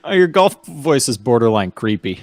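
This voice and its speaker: A man weighing in on a casual sports betting chat in a measured, skeptical way. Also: medium pitch, big pitch swings, a little mellow, no echo.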